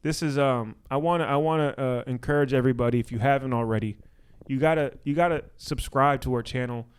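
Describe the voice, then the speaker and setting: A young man co-hosting a podcast in casual, joking chat, full of quick restarts. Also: medium pitch, smooth. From Washington D.C. area. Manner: hyped, joking, talks fast with restarts. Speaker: podcast co-host.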